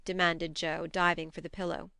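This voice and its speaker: Brief: audiobook narrator, woman, measured and expressive, resonant tone. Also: on the low side, creaky, clean tone, no echo, clean studio sound. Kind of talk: scripted narration.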